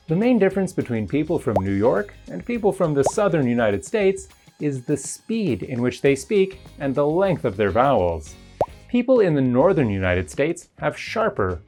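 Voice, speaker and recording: Lively, steady voice narrating an English lesson. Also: mid-range voice. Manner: even, explanatory reading. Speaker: English teacher.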